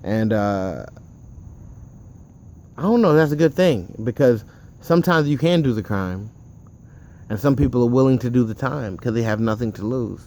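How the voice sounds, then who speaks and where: A man's voice: medium pitch, lively intonation, normal speed, pauses often, dark tone. Rambling man telling a casual story. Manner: rambling and digressive, with frequent asides; offhand, with occasional swearing.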